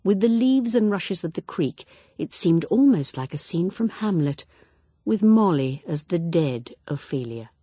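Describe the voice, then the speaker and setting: Husky woman narrating a mystery. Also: on the low side, lively intonation, measured pace, warm tone, dry recording. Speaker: audiobook narrator. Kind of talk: scripted narration.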